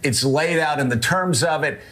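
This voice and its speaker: A man gives political commentary in a somewhat high voice. He sounds blunt and exasperated. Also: normal speed, fairly bright tone.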